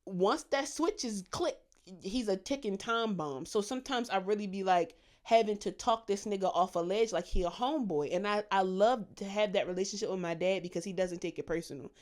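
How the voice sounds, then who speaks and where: A woman's voice: mid-range voice, a little fast, few pauses. A woman co-hosting a podcast in casual chat, talking bluntly and full of cussing, acting out quotes as she tells stories. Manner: blunt, profane, animated storytelling with voiced quotes. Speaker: podcast co-host.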